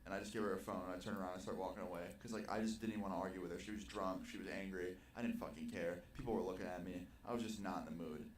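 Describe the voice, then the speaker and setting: Young man, low-ish voice, animated storyteller who swears freely, casual vlog, played back roomy and far off. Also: racing, few pauses. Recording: roomy, distant video playback with faint noise.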